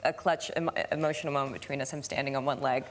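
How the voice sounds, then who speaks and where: A woman's voice: extremely low pitch, fairly even intonation, very fast. A woman, an actor guest on a talk show, telling giggly, self-aware stories in casual chat.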